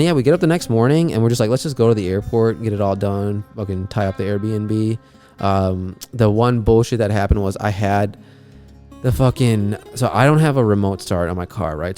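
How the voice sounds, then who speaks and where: A man's voice: fairly low pitch, darkish tone. A young man hosting a podcast, rambling through a travel story in a laid-back, profane way, with plenty of fillers. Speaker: podcast host. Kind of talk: casual travel story chat.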